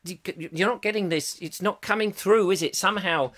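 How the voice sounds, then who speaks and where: A man's voice: high-pitched, brisk. A middle-aged man hosting a live online chat show, chatting in a jokey, rambling way and reading out viewer comments. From England. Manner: jokey and chatty, swings between loud and quiet asides.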